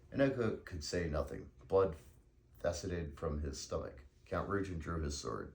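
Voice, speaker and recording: A man reading a novel aloud in a measured storytelling manner. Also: deep voice, lively intonation, vocal fry, a little mellow. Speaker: narrator.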